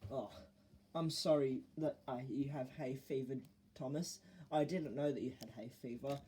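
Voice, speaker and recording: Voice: mid-range voice, moderate pace, warm tone, slight background noise, lightly acted. A narrator voicing a meek, apologetic male engine.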